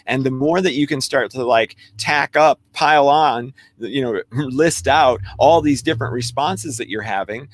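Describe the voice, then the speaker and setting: An earnest man talks through spiritual self-help ideas, often slipping into the voice of someone's inner thoughts. His voice sits in a middle pitch. The recording is dry and close. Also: no room sound. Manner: earnest, explanatory, acts out inner dialogue. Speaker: co-host.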